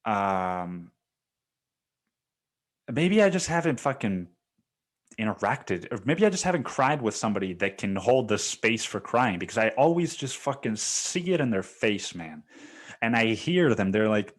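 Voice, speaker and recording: A young man hosting a solo podcast, talking in a rambling, profane, confessional way, full of "dude" and "man," swinging between loud bursts and near-whispers. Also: lowish voice, very animated, measured pace. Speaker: podcast host.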